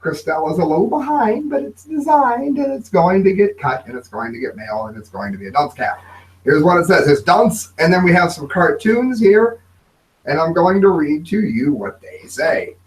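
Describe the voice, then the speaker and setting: A man hosting an opinion commentary show, mocking and sarcastic, with sudden shouted outbursts. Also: a little high, big pitch swings, normal speed, low-quality recording. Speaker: host.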